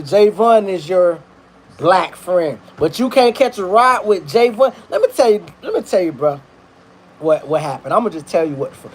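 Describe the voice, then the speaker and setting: A man's voice: fairly high pitch, expressive, measured pace. A man telling a story in a casual, rambling, slang-heavy commentary, swearing freely while he cooks in his kitchen. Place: kitchen, cooking while talking.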